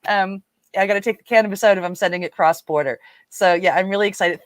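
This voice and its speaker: A woman's voice: medium pitch, fast talker, no echo. A woman with a Newfoundland accent hosting a casual livestream, chatting with viewers and reading their comments aloud with lots of fillers. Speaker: livestream host.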